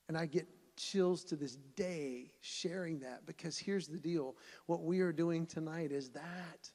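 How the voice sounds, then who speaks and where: A man giving a storytelling speech to an audience, animated and acting out voices as he goes. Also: on the high side, a little slow, hardly any pauses. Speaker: speaker at a fundraising event. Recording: long hall reverb.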